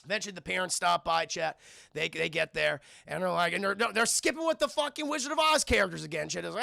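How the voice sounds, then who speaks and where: A young adult man, a streamer host, telling stories in an animated and profane way to his chat during a casual film review. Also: sits high, fast talker, vocal fry, dry recording, clean studio sound.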